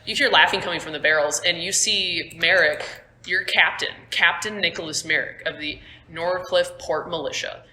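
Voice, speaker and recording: A woman's voice: fairly low pitch, normal speed, bright, forceful tone, slight background noise. A young woman running a tabletop game as game master, narrating casually with lots of fillers. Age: young adult. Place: school room. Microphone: phone on table. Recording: echoey room, phone mic.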